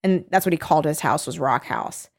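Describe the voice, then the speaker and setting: A woman's voice: brisk, creaky. Chatty woman telling a story. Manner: chatty, fillers, acts out quotes in squeaky high voices. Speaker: co-host recounting a reality show. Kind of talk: casual chat.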